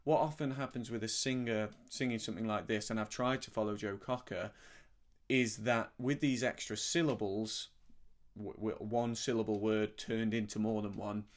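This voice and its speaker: A middle-aged man teaching a harmonica lesson in a relaxed, gentle, explanatory way, sometimes humming syllables to show a sound. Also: fairly low pitch, normal speed. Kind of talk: relaxed spoken music lesson.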